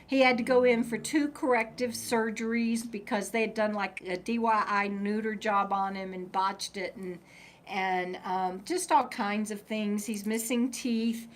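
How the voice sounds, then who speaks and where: A woman's voice: medium pitch, fairly even intonation, unhurried. A middle-aged woman chatting casually on a live stream, rambling and breaking off to talk to her dog. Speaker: vlogger reading live chat.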